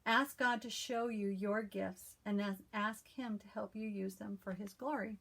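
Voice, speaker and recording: A woman hosting a casual stitching vlog, who chats and reads a devotional aloud in a calm, soothing voice with frequent restarts. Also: medium pitch, measured pace, creaky, a little hiss or hum. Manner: chatty, with frequent restarts and fillers. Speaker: cross-stitch video host. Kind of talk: casual chat and devotional reading.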